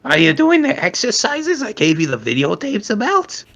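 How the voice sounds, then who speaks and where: A high, wavering old woman's voice, frail and pleading, put on by a man joking with a friend. It climbs far above his own speaking voice. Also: huge pitch swings, moderate pace, gravelly, fairly bright tone, lo-fi sound, exaggerated voice. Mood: fretful.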